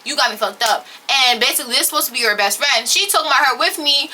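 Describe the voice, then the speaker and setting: A young adult woman telling a story casually to camera in an animated, emphatic, profane, slangy way, on a camera microphone. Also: high voice, very fast, few pauses. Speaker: storytime vlogger. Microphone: camera or phone on-board mic.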